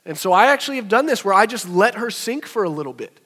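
High-voiced man preaching in a reverberant hall. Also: fast, husky. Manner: conversational, swings from animated to soft and low. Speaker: pastor. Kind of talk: sermon.

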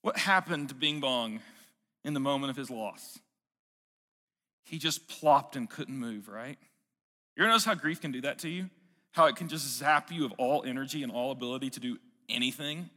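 A man's voice: medium pitch, moderate pace, bright, forceful tone, in a large hall. A man preaching a sermon in an earnest, conversational way, asking the congregation questions. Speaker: pastor.

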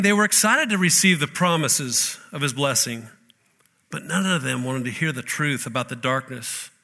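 A man's voice: mid-range voice, pushed and bright. A man preaching a sermon as pastor, telling stories and asking the listeners questions in a conversational way.

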